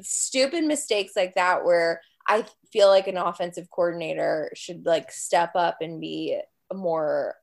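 A woman's voice: on the low side, measured pace, gravelly, a little mellow. A woman guest on a podcast, chatting casually and bluntly about her college football team. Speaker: guest fan.

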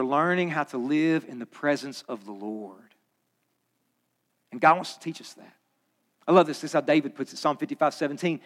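Middle-aged male pastor, high voice, casual sermon swinging loud to hushed, live in a big reverberant church. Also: brisk. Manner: conversational, swings from loud punchy asides to hushed low emphasis. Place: large church auditorium. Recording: long hall reverb.

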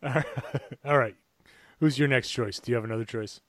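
A man's voice: medium pitch, normal speed, fairly bright tone, no echo, studio quality. A man co-hosting a casual sports podcast, breaking down plays with enthusiasm, sometimes tripping over his words and restarting. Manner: enthusiastic, analytical, with stumbles and restarts. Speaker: podcast co-host and basketball writer.

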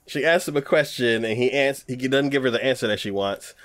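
A man co-hosting a casual chat, retelling an episode with frequent laughter and quick acted-out lines. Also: mid-range voice, no echo. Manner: animated retelling, laughs often, acts out scenes in quick voices. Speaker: podcast co-host reviewing anime.

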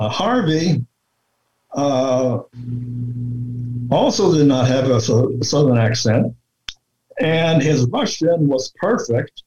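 A man talking through his research in a relaxed interview, deliberate and full of fillers and restarts. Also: fairly high pitch. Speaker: researcher guest. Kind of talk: conversational interview talk. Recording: dull lo-fi sound.

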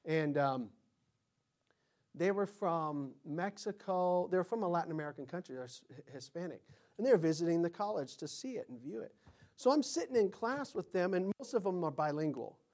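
A man preaching a sermon as pastor, telling stories and acting out quotes, swinging between loud and whispered lines. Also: on the high side, animated, normal speed.

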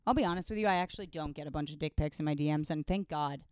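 A young woman co-hosting a podcast in casual comedic chat, telling stories in a wry, deadpan way. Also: low-pitched, very fast, clear, resonant tone, no echo, studio quality. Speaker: podcast co-host.

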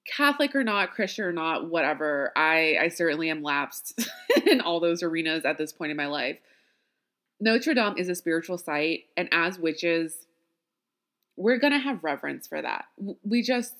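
A woman's voice: on the low side, expressive, normal speed, a bit bright. A woman hosting a podcast in casual chat, talking freely with self-deprecating asides and frequent laughs. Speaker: podcast host.

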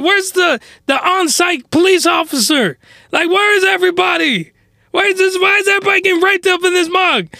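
A man ranting in an exasperated, animated way while recapping an anime episode. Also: extremely high pitch, dry recording, clean studio sound.

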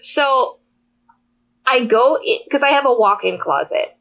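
A woman co-hosting a podcast, telling stories in a casual, animated way with frequent laughter. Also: a little high, unhurried, gravelly, highs cut off. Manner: animated storytelling, squealing and laughing often. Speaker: podcast co-host. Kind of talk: casual chat.

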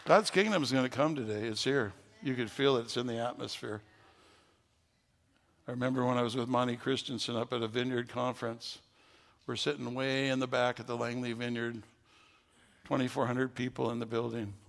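A man's voice: medium pitch, a little fast, vocal fry. A man preaching as a pastor, telling a story to his congregation and leading prayer. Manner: storytelling, growing loud and excited at the climax. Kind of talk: sermon.

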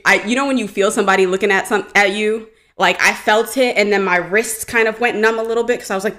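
Animated woman telling a story. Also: fairly high pitch, quick pace. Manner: animated storyteller, acts out quoted voices. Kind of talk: casual chat.

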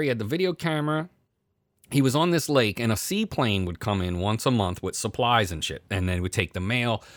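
A man telling a profane story in casual chat, animated, his voice swinging between loud outbursts and quiet asides. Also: on the high side, no room sound, clean studio sound.

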